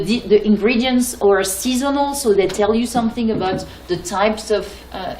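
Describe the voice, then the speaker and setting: A French-accented woman gives a lecture in an echoey hall, with a faint hum of room noise behind her. She talks hesitantly, with many fillers and restarts, at an even middle pitch. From France. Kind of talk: academic lecture.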